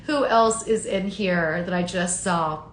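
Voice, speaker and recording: A woman's voice: on the low side, a little slow, roomy sound. A woman hosting a casual live stream on her phone, chatting and answering viewers' comments by name. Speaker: livestream host reading chat.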